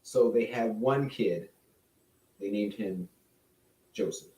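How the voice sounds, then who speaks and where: Mellow low man, roomy and off-mic. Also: slow, distant mic. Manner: lively, teasing, asks questions. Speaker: podcast co-host. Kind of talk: casual chat.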